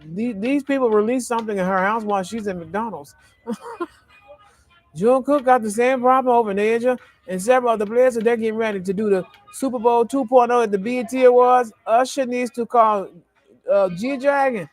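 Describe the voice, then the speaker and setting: A man talks in a very high voice, rambling from thought to thought and circling back to repeat himself. The sound is dry and close, with no room echo. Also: a little fast, faint music behind. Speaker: vlogger. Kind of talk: rambling spiritual monologue.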